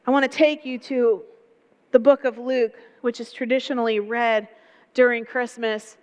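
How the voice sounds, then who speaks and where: A woman preaching a sermon, telling the story in a lively way with folksy asides. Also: on the high side, clear, resonant tone, long reverb tail, highs cut off.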